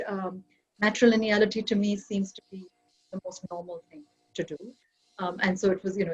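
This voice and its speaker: A woman's voice: medium pitch, lo-fi sound. Woman from India arguing on a video-call panel. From Kerala, India. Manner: reflective, argumentative academic delivery. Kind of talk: online panel discussion.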